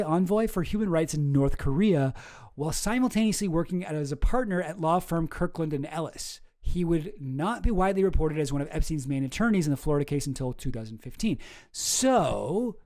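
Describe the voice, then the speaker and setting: A man's voice: a little high, dark tone. A man hosting his channel, reading through documents and commenting in a rambling, profane way that keeps interrupting itself. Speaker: channel host.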